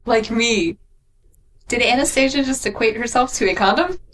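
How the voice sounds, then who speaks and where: A woman co-hosting a casual book podcast, giggly and sarcastic, quick to apologize. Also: a little high, a bit bright. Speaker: podcast co-host. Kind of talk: casual chat, book critique.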